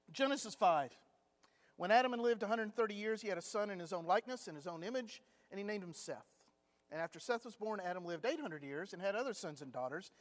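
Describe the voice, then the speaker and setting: Male Bible class teacher, high-pitched, conversational and humorous storyteller, church room with long reverb. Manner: chatty storyteller acting out anecdotes with humor.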